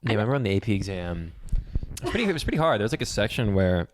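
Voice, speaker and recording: A man's voice: fairly low pitch, sing-song, very fast, noisy background. A young man co-hosting a casual podcast chat, laid-back, often trailing off and stumbling over his words. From Pennsylvania, USA. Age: young adult. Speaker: podcast co-host.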